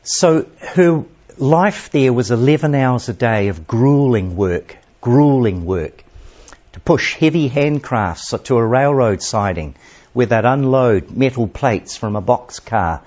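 A male preacher delivers a sermon as a dramatic story, swinging between raised passages and hushed asides. His voice is husky and at an ordinary pitch. The recording is dull and lo-fi. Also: expressive, unhurried.

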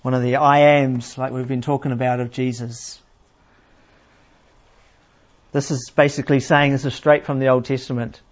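Unhurried male preacher, slightly muffled. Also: mid-range voice, flat delivery. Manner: plain, unhurried teaching with rhetorical questions. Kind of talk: sermon. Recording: slightly dull, lo-fi sound.

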